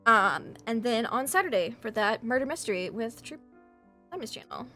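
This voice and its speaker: A woman's voice: on the high side, expressive, moderate pace, bright, forceful tone, soft background music. A woman playing in a tabletop role-playing game, chatting casually at the end of a session. She gushes with enthusiasm and uses many fillers.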